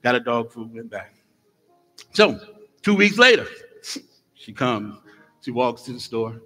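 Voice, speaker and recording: A middle-aged male minister warms up his congregation with funny stories before he preaches, chatty and playful at a medium pitch. His voice fills a large sanctuary with a long reverb hanging after each phrase. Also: unhurried, soft background music. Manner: lively storytelling, jokes with the congregation. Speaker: guest minister. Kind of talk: sermon with humorous stories. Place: church sanctuary. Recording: long church hall reverb.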